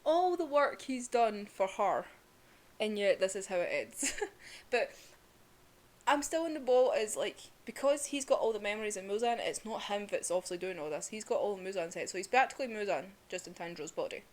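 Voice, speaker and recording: A woman's voice: mid-range voice, animated, brisk, darkish tone. A young woman giving a casual, emotional review of a manga, chatty, full of "like" and the odd swear word.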